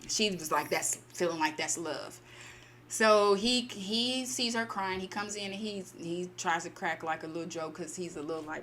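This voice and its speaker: Woman, fairly low voice, casual story retelling, chatty with lots of fillers, faint background hiss. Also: moderate pace, fairly bright tone. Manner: chatty, many fillers and quoted asides. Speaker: story channel host.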